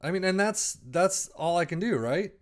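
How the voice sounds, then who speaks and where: A young man giving casual, excitable commentary over a football management game, muttering asides and then yelping at near misses. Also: high-pitched, moderate pace. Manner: excitable, swings from mumbling asides to sudden yelps. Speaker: gaming video creator.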